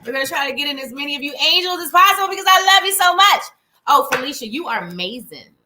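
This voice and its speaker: A woman's voice: high-pitched, animated, fast, pushed and bright, slight background noise. A chatty woman hosting a live tarot reading stream, greeting viewers by name and reading cards in a bubbly way. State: slightly winded. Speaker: psychic reader hosting a live show.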